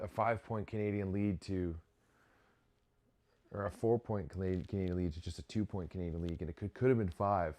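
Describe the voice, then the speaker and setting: In a low-pitched voice, a young man hosts a volleyball watch-along. His casual live commentary keeps restarting and is punctuated by sudden bursts of excitement.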